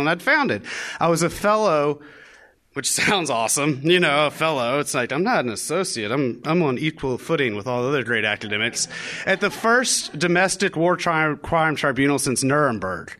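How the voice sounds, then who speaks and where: A man's voice: a little high, pushed and bright. A young man telling a funny personal story on stage, wry and self-mocking, acting out the lines he quotes. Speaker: live storyteller. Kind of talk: live personal storytelling to an audience. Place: live venue stage.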